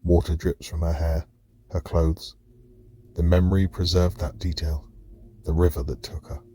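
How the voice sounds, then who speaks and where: A man narrating a dark fantasy audiobook in the first person, measured and somber. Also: deep voice, flat delivery, a little hiss or hum.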